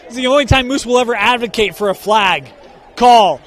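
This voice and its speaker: A man with a notably high voice calls plays in short, brisk bursts. Between downs he trades jokes with his partner. It is a live broadcast from a stadium press box. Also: a bit bright. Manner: brisk play calls, bantering with co-host. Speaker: play-by-play announcer. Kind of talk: live football commentary.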